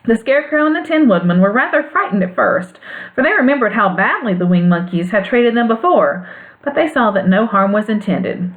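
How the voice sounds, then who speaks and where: A woman narrating a classic storybook aloud in an expressive, lilting way. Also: on the high side. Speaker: audiobook reader. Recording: phone-like narrow band sound.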